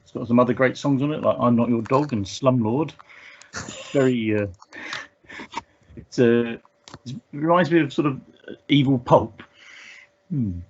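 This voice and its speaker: A man co-hosting a podcast, talking about songs in a dry, offhand way with plenty of halting fillers. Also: mid-range voice, muffled recording, a little hiss or hum. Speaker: podcast co-host. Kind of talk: casual music chat.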